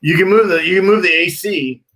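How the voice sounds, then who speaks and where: A man's voice: sits high, fairly quick, fairly bright tone. A man working as a pool designer, talking casually and reassuringly with clients about a backyard plan.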